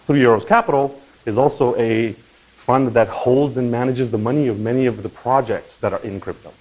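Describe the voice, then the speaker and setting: A man hosting a crypto channel, talking in a casual, animated explainer style and often checking in with "right?" and "okay?". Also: mid-range voice, moderate pace, low-quality recording. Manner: animated, swings into loud mock voices and profanity; conversational with frequent "right?" and "okay?".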